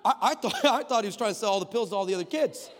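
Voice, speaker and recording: Guy preaching fired up, high voice, big echoey hall, gets loud and shouty. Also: animated, rapid-fire. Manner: builds to shouted crescendos, acts out voices in stories. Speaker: guest preacher. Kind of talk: energetic sermon with storytelling. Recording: long hall reverb.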